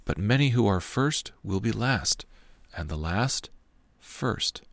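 A man reading the words of Jesus as a grave, unhurried teacher. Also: fairly low pitch, animated, vocal fry, dry recording, exaggerated voice. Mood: solemn. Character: calm authoritative male teacher, Jesus.

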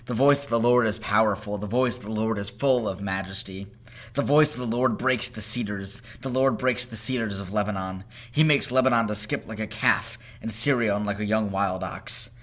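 Low-voiced man reading scripture solemnly. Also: a bit bright. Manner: measured, solemn reading with swelling emphasis on praise lines. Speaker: scripture reader.

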